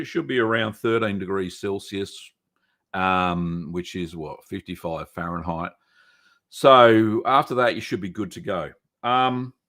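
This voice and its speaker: A middle-aged man hosting a live stream, casually answering viewer questions with lots of ums and uhs in a small echoey room. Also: sits low. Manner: relaxed, chatty, many ums and uhs.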